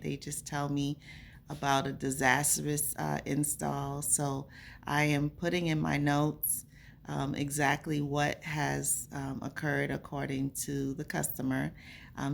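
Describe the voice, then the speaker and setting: Low-voiced woman telling a personal story. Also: vocal fry, a little hiss or hum. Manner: earnest, conversational, acts out remembered dialogue. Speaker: vlogger. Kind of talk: casual personal storytelling to camera.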